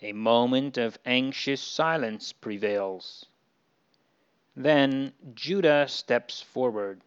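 Slow-reading man telling a Bible story. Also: mid-range voice, smooth, lo-fi sound. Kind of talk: Bible story read to children.

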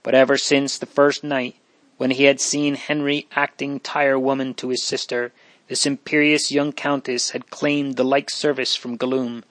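A man narrating a period novel in a measured, even storytelling voice. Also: medium pitch, no room sound. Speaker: audiobook narrator.

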